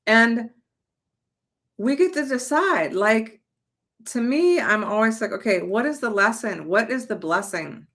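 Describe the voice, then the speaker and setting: A woman's voice: on the high side, expressive, unhurried, a bit bright. A young adult woman giving a casual, emphatic motivational talk as a manifestation coach, chatty and swearing lightly.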